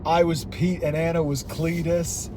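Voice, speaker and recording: Casual American guy host, slow drawl, slightly high voice, road noise in the car. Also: flat delivery. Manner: slow, rambling, laughs often. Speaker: show host. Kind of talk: casual chat on a car ride. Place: inside a car.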